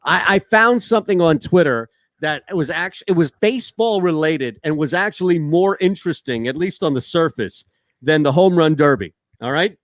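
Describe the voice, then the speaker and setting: A man's voice: fairly high pitch, lively intonation, moderate pace, no room sound. A man co-hosting a sports radio show, bantering casually and laughing often.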